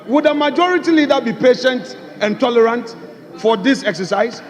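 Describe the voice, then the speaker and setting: Man, very high strained voice, insistent, parliament debate, long echo in a big chamber. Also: animated, normal speed. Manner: insistent, repeating his points forcefully. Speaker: minority leader. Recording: chamber mic with long hall reverb.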